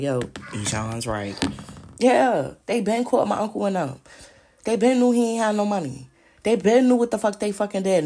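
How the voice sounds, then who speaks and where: Woman, solo podcast host, husky and raspy, heated profane ranting. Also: medium pitch, darkish tone.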